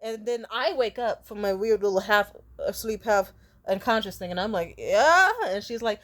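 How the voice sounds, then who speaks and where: A young adult woman tells a casual storytime vlog, rambling and profane, and laughs often between sentences. Her medium-pitched voice has fairly even intonation at a moderate pace.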